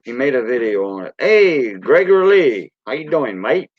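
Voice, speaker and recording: A man's voice: mid-range voice, sing-song, normal speed, no room sound. Folksy Cajun man on a lo-fi stream. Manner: rambling, folksy, greets viewers by name. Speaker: livestream host. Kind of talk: casual livestream chat. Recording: dull lo-fi dry sound.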